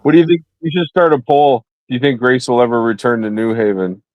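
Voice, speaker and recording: A man on a casual stream throws out crude, offhand remarks. His voice sits in a plain middle pitch. It sounds dry and close to the mic. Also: fast, dry recording, muffled recording. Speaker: co-host. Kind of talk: casual commentary chat.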